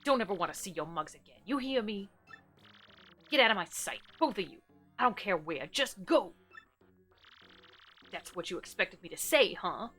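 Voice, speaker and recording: A woman voicing a gruff old male mafia boss in a game, with a put-on gangster drawl and a clipped, bossy manner. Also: medium pitch, big pitch swings, moderate pace, pauses often, bright, forceful tone, faint music behind.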